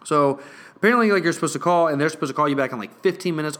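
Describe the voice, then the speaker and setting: A man's voice: on the high side, a little fast, fairly bright tone. A young man casually telling a profane, rambling workplace story to his viewers. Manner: profane, rambling, acts out quotes. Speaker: hotel worker telling a story.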